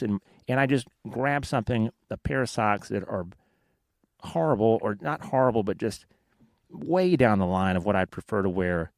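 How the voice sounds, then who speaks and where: A man's voice: fairly low pitch, animated, normal speed, no echo. A man with a Southern American accent hosting a casual podcast, telling rambling, self-deprecating stories. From Alabama, United States. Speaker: podcast host.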